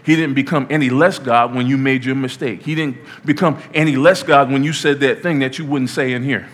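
A man's voice: medium pitch, fairly even intonation, a little fast. A man in his thirties preaching an informal sermon in a church, conversational and playful, rising to emphatic peaks. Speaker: pastor.

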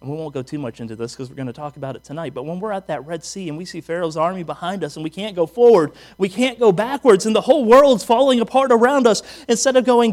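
High-voiced male pastor preaching. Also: fast, hardly any pauses. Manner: reads scripture aloud, then preaches with animated acted-out quotes. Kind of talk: sermon.

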